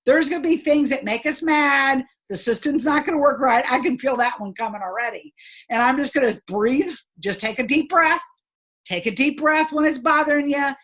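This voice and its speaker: A middle-aged woman giving an upbeat, emphatic motivational training talk to her sales team, chatty and quick to laugh. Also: high-pitched, a bit bright. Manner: laughs between points.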